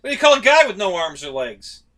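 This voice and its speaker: A man's voice: sits high, big pitch swings, fast, a bit bright. A man hosting a casual live stream, telling jokes in a loose, rambling way and chuckling at his own punchlines. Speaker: show host.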